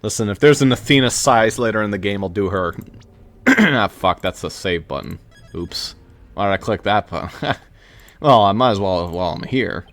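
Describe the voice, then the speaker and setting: A man's voice: on the low side, lively intonation, normal speed, a bit bright, soft background music. A man joking and swearing casually while playing a game with a co-host. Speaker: let's play host. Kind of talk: casual gameplay commentary.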